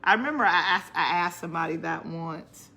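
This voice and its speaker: A woman's voice: fairly low pitch, fairly quick, bright, forceful tone. A woman hosting a casual crafting livestream. She chats to her viewers, laughs often and answers their comments as she works. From northern United States. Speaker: crafting channel host.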